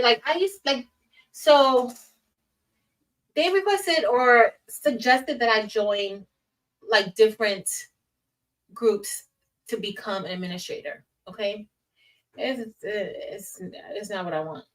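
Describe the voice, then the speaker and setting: Woman, teacher, livestream host, casual chat, says y'all, middle pitch, a bit off-mic. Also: slow, pauses often, far from the mic, rough recording. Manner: chatty, addresses viewers as y'all, reads chat aloud.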